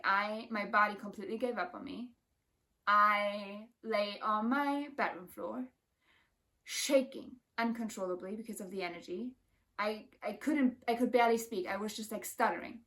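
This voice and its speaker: A woman's voice: fairly high pitch, far from the mic. A woman talking casually to her viewers about a spiritual experience, emphatic and intense, with lots of "like" in her speech. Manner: emphatic, intense, heavy use of "like". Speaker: spiritual vlogger. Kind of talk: casual spiritual vlog talk.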